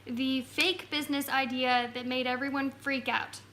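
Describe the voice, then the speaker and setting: A woman's voice: high-pitched, flat delivery, normal speed, bright, forceful tone, a little hiss or hum. A woman hosting a casual travel live stream from home on a phone, bubbly and giggly. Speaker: travel vlog host.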